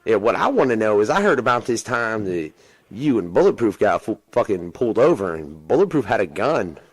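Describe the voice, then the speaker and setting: A man's voice: on the low side, sing-song, brisk, breathy edge, no echo, low-quality recording. A man hosting an uncensored podcast, talking bluntly and swearing constantly. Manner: blunt and heavily profane. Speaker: podcast host. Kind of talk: casual uncensored podcast talk.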